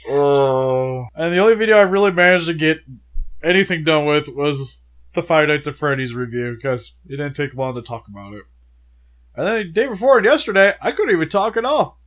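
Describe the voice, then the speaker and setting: A man's voice: on the high side, expressive, a little fast, fairly bright tone. A man co-hosting a casual movie review chat, recovering from a sickness with a worn voice and chewing gum as he jokes. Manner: chewing gum while talking, joking banter. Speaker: co-host of a movie review show.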